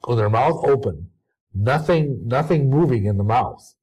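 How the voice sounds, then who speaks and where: A man answering interview questions in a rambling, halting way with many restarts. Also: mid-range voice, animated, darkish tone, husky, low-quality recording. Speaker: interview guest.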